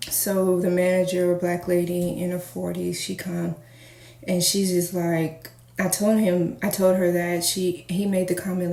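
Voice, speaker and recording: A woman casually telling a personal story to her viewers, candid and animated as she acts out the dialogue. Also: lowish voice. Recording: echoey room, faint noise.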